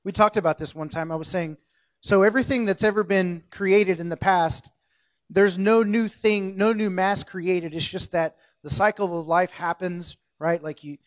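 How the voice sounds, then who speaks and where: A man's voice: sits high, steady tone, moderate pace. A man preaching a casual, conversational sermon, joking at his own slips and correcting himself as he goes. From central United States. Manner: jokey, self-correcting, loosely conversational.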